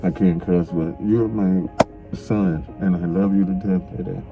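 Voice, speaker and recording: A man's voice: sits low, fairly even intonation, unhurried, phone-quality sound, music in the background. A middle-aged man, a father, crying as he tenderly tells his son he loves him, repeating himself often. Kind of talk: emotional family conversation.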